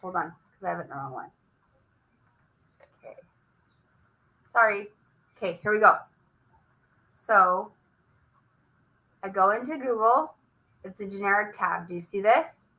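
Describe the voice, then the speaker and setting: A woman teacher walking her students through an online research demonstration, lively and coaxing as she clicks along. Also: medium pitch, measured pace, pauses often, low-quality recording. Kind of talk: classroom demonstration over a video call.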